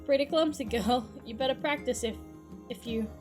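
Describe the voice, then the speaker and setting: A woman voicing a frail, stubborn old grandmother who scolds gruffly, over clear background music. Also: high-pitched, moderate pace, pitched above the performer's own voice, natural voice. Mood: scolding.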